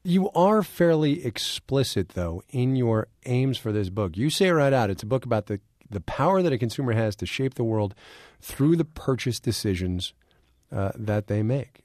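Brisk radio host, dry studio. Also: male voice, medium pitch, lively intonation, darkish tone, dry recording. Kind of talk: radio news interview.

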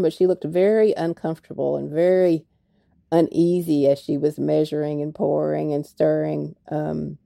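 A woman's voice: low-pitched, gravelly, no room sound, clean studio sound. An older woman, an author talking reflectively in a radio interview. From Kentucky. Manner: reflective, soft-spoken, with fillers. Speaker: author guest.

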